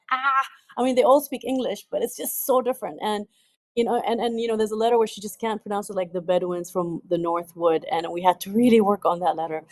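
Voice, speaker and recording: A woman from the United Arab Emirates, a film director, answering interview questions in a lively way with frequent restarts and laughter. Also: mid-range voice, no room sound. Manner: animated, laughs often, many restarts.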